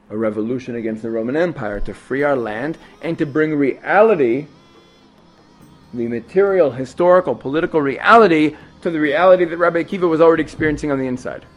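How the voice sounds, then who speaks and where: Man, middle pitch, lively storytelling Torah teacher, faint music bed. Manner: storytelling, animated with many restarts and asides. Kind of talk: classroom Torah lesson.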